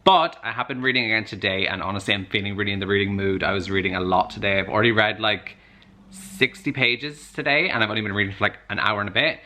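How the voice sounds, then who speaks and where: A man's voice: fairly low pitch, fast, bright, forceful tone. A man talking casually to camera in a reading vlog, chatty and gushing, full of fillers. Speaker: book vlogger.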